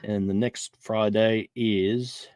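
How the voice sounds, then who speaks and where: A man's voice: on the low side, steady tone, slow, darkish tone, dry recording. A man co-hosting a casual chat show from his desk, rambling with lots of fillers and restarts, and laughing easily. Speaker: podcast co-host.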